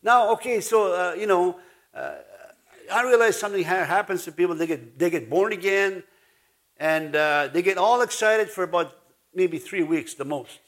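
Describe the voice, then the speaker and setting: In Ojibwe-influenced Canadian English, a pastor with a fairly bright voice on the high side gives a folksy sermon. He kids around with the congregation and calls out for their responses.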